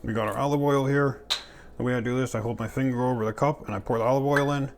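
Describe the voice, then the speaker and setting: A man's voice: mid-range voice, fairly even intonation, fast talker, slight background noise. A man casually demonstrating a recipe at home, chatty and joking as he talks to himself while he cooks. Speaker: home cook. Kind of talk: casual cooking demo. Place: home kitchen. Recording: clattering pans and utensils behind.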